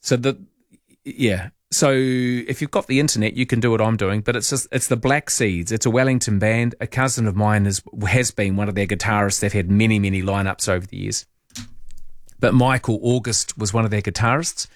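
A man's voice: lowish voice, steady tone, normal speed, no room sound. New man, late-night talk radio host, rambling and wry, dry close studio mic. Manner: chatty, wry and rambling, reads lyrics aloud. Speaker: overnight radio talkback host. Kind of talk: casual late-night talkback, reading listener messages. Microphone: studio microphone.

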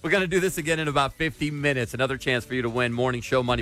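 A man's voice: mid-range voice, fairly even intonation, very fast, hardly any pauses, bright, forceful tone, soft background music. A man hosting a radio morning show, chatting casually and reading listener letters aloud. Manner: reads listener letters aloud, laughs easily.

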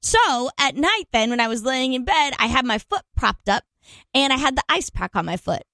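Bubbly female morning co-host, thirties, high voice, very expressive delivery. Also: moderate pace, no echo. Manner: animated, giggly, acts out quotes. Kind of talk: casual on-air chat, storytelling. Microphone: studio microphone.

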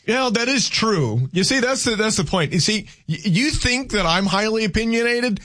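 A man's voice: high voice, normal speed, fairly bright tone, no echo. A man hosting a call-in radio talk show from a studio, rambling and joking about himself in casual chat. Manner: rambling, self-deprecating, playful. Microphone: studio microphone.

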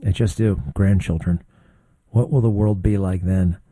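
An older man hosting a talk show, giving blunt, conversational political commentary with quick asides. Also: sits low, steady tone, mellow, no echo. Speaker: radio talk show host.

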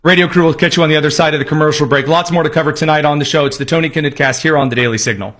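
A man's voice: fairly high pitch, fairly even intonation, racing, a bit bright. A man hosting a political commentary show, talking in a sarcastic, mocking and rambling way. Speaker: host.

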